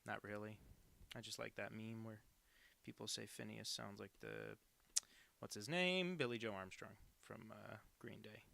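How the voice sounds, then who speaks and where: A man's voice: lowish voice, a little slow, gravelly, sharp tone. A man chatting casually on a live drawing stream, rambling and self-deprecating with crude asides.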